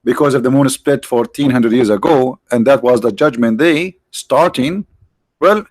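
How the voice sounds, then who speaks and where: A man hosting a live stream with mocking, sarcastic commentary and rhetorical questions, his voice tired, clearing his throat now and then. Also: medium pitch, normal speed, darkish tone, no room sound. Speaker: online show host.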